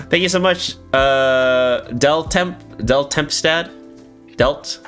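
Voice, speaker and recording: A man's voice: a little high, extremely slow, a bit bright, faint music behind. A man streaming live, chatting casually with viewers in a rambling, swearing way with lots of filler words.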